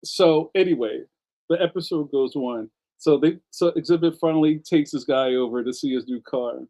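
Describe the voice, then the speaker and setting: Male cartoonist and stream host: rambling, slangy, laughs a lot, mellow tone. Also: on the high side, moderate pace. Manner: rambling storyteller who laughs often and slips into slang. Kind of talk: casual livestream chat reading comments.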